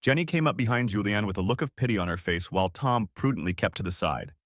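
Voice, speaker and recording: Expressive low-voiced male audiobook reader. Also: fast, no room sound, studio quality. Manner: expressive, dramatic reading. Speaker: audiobook narrator. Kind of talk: first-person audiobook story reading.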